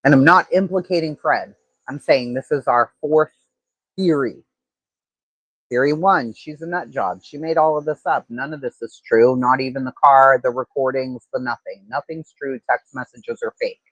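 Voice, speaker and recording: A man's voice: medium pitch, moderate pace, a bit bright, no room sound, low-quality recording. A man hosting a true-crime livestream, talking casually and thinking aloud with lots of fillers and restarts.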